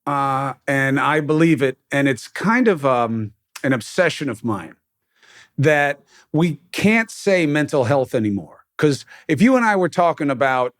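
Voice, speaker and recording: A man's voice: mid-range voice, lively intonation, measured pace. A middle-aged man hosting an interview, talking frankly and casually in an earthy way. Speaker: podcast host. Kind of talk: conversational interview.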